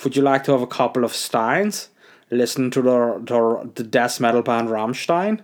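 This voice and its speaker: A man putting on a camp, leering German man with a thick put-on German accent and drawn-out invitations. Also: medium pitch, natural voice.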